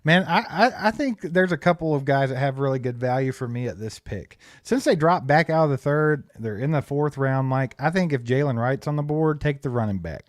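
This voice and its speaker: A man's voice: medium pitch, expressive, a little fast, hardly any pauses, dry recording, clean studio sound. A man co-hosting a live football draft reaction stream, chatting casually, laughing often and thanking viewers. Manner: laughs often, reads viewer tips aloud. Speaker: co-host.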